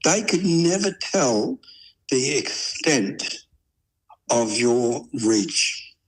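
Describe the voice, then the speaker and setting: Aussie bloke on the phone, husky voice, pitch jumping all over. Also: male voice, big pitch swings, very slow, rough recording. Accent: Australian. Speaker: phone-in guest. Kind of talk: casual chat on the phone.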